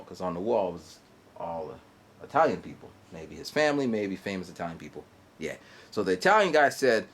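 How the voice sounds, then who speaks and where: Animated, rambling man in his forties. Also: sits low. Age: 40s. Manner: halting, digressive storytelling with fillers and mouth sound effects. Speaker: vlogger. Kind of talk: rambling monologue. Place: guest house in Japan.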